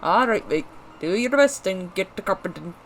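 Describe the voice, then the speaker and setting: A man's voice: high-pitched, lively intonation, moderate pace, slight background noise. A player voicing a friendly male woodcutter, putting on a thick, uncertain accent and reading game dialogue in a folksy, teasing way. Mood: hearty. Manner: folksy, teasing, calls people mate.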